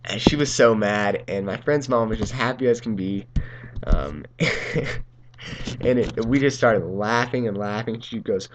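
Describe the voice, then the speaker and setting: A man's voice: lowish voice, a little slow, highs cut off, noisy background. Rambling young man telling a story. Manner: rambling, full of ums and uhs, laughs through lines. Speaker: gaming channel host. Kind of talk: casual storytelling over gameplay.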